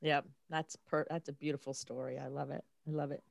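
A man co-hosting a casual chat, quietly giving brief affirmations. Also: on the high side, flat delivery, a little fast, vocal fry, no echo, studio quality.

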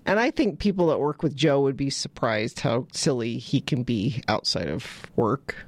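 A woman's voice: a bass voice, animated, normal speed. A woman co-hosting a casual family chat, telling stories and laughing often. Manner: chatty storyteller, laughs often. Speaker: podcast co-host.

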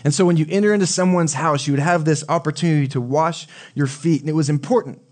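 A male pastor preaching a sermon in a relaxed, conversational way, often asking the congregation questions. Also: fairly high pitch, fast. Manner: conversational, asks the audience questions.

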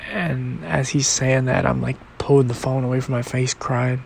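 A man hosting a podcast episode, telling a personal story in a halting, reflective and emotional way. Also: mid-range voice, steady tone, creaky, a little hiss or hum. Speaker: podcast host.

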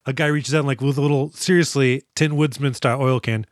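A man's voice: mid-range voice, fairly even intonation, fast, dry recording, clean studio sound. A man co-hosting a movie podcast, recapping scenes in a casual, profane, wry way with mocking asides. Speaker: podcast co-host.

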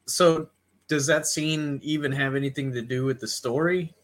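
A man's voice: a little high, fairly even intonation, moderate pace. A man co-hosting a casual podcast, easygoing, giving brief replies and laughing along. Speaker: podcast co-host.

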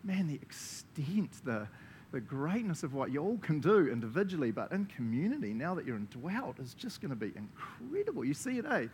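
A man with a New Zealand accent preaching a lively sermon to a congregation, laughing often and acting out the voices he quotes. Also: on the high side, moderate pace, a little hiss or hum.

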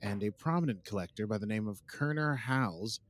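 A man's voice: lowish voice, animated, normal speed. A man co-hosting a podcast, joking dryly in casual chat and recapping an episode's plot. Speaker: podcast co-host.

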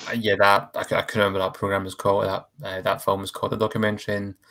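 A man in casual chat, animated and rambling, often breaking off and restarting. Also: fairly low pitch, very fast. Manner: animated, rambling, self-interrupting.

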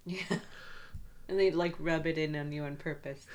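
A woman interviewer chatting casually and giving soft backchannels. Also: deep voice, steady tone, moderate pace, crowd noise. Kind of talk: casual chat.

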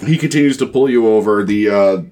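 A man's voice: lowish voice, a little fast, mellow. A man narrating a tabletop game as game master, rambling with lots of fillers and restarts.

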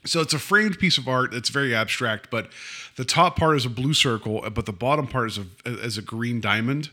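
A man's voice: medium pitch, brisk, pushed and bright. A man co-hosting a podcast, eagerly sharing theories about a TV episode and quizzing his co-host. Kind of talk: casual chat discussing a TV episode.

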